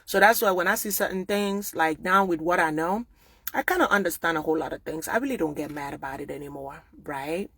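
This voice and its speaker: A woman with a Nigerian accent from Akwa Ibom, speaking out in an emphatic personal monologue that swings between loud outbursts and hushed, repeated oaths. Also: on the low side, a little fast, breathy edge, dry recording. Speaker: vlogger speaking out.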